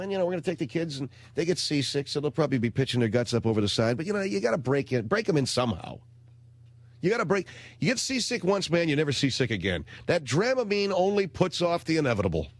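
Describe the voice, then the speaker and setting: A man's voice: a little high, no room sound. A middle-aged man hosting a radio show, telling a rambling, sardonic comic story in a studio. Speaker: radio talk show host. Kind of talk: comedic radio monologue.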